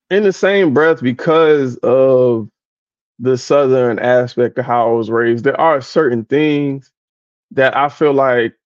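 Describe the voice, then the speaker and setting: A man's voice: mid-range voice, no room sound, dull audio. A man co-hosting a casual podcast chat, telling stories animatedly, doing impressions of his relatives and laughing often. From American South. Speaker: podcast co-host.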